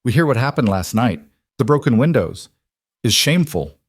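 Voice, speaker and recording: A brisk, stern old farm wife with a Norwegian accent, put on by a male narrator. She speaks in short, blunt broken English. The sound is dry and close. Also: mid-range voice, sing-song, no echo, voice pushed up. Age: older.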